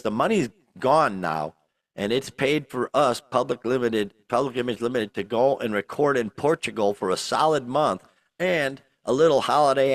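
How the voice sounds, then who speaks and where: A man's voice: medium pitch, no echo. A tipsy man co-hosting a podcast, talking loosely and rambling with frequent laughs. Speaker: podcast co-host. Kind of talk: casual chat.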